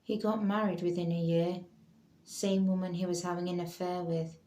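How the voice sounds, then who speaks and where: Weary young man, bitter and quiet, read by a woman narrator in a roomy space. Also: sits high, flat delivery, moderate pace, a little hiss or hum, close to an everyday voice. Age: young adult. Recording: roomy echo.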